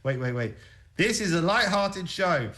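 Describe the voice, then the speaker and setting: A man's voice: high-pitched, sing-song, unhurried, bright, forceful tone. A man hosting a casual music livestream, joking, laughing and chatting loosely with his co-host. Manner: jokey, laughing, self-deprecating. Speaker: radio show host.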